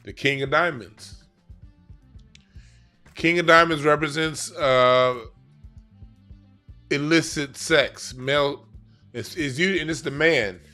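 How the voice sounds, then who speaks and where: A card reader forecasts the year with playing cards in a casual monologue, slowly and with long pauses. His voice is on the high side with a sharp tone, and he is emphatic and slangy, often repeating and restarting phrases. Faint music plays behind him.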